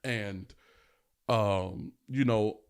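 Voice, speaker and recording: Low-voiced man telling a candid story. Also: extremely slow, smooth. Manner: candid, emphatic, with conversational slang. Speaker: podcast host. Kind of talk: personal storytelling monologue. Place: podcast filming set.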